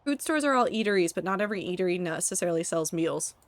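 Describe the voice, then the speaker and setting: A woman's voice: lowish voice, lively intonation, fast talker, slight background noise. A young woman streaming a game from home, chatting casually with her chat in a rambling way, laughing at herself. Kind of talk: casual chat reading live chat while gaming.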